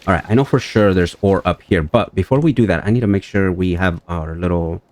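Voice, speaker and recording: Deep-voiced man narrating his gameplay. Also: fairly quick. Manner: chatty, talks to viewers and his horse, excitable exclamations. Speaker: gameplay streamer. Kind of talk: casual let's-play commentary.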